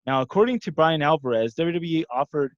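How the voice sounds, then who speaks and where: A man's voice: on the high side, expressive, brisk, no echo. A man co-hosting a podcast, giving a matter-of-fact news rundown. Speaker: podcast co-host. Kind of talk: reading news segment. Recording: dull lo-fi dry podcast audio.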